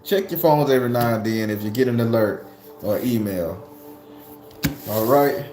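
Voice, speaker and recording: Animated cussing man in an echoey room. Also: moderate pace. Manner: animated, swearing, laughing, jumping high when worked up. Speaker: tarot reader and channel host. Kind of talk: casual chat to viewers. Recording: echoey room with faint background music.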